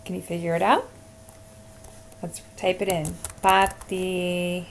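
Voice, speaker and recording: A woman's voice: fairly low pitch, normal speed, vocal fry, a little hiss or hum. Encouraging woman teaching Spanish verbs. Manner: encouraging, talks through typing. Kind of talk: screencast lesson.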